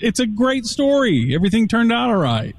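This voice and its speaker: A man's voice: extremely high pitch, very animated, a little fast, dry recording. Sarcastic radio host guy, dry jokes, voice jumps around a lot. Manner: dry, sarcastic, moves the show along. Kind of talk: casual radio chat.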